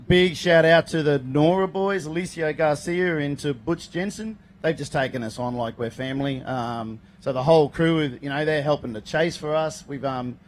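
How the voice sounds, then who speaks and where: An Australian man from Queensland talks about his race car in a friendly, chatty way. His voice sits a little high for a man, and he keeps calling the interviewer mate. The interview is recorded outdoors at a race event. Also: moderate pace, hardly any pauses, a little hiss or hum. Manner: upbeat and chatty, calls people mate. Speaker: off-road race driver.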